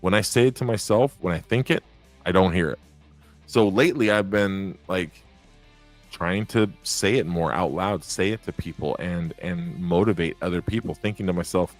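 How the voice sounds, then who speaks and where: Man, very low voice, casual candid rambling host, faint guitar music underneath. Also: moderate pace. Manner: rambling, candid, swears, talks straight to viewers. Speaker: podcast host reading live chat. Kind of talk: casual live-stream chat.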